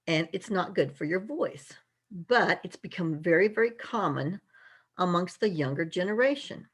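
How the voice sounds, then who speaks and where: A woman presenting an online webinar lecture, explaining casually and pausing now and then to sort out her slides. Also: lowish voice, animated, husky. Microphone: computer mic in an online webinar.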